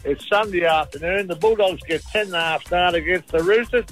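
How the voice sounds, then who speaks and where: High-voiced Australian regular, a jovial blokey tipster, with a light music bed underneath. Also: male voice, brisk, fairly bright tone. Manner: jovial, blokey, laughs easily. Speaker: regular betting and drinks tipster. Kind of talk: casual radio segment.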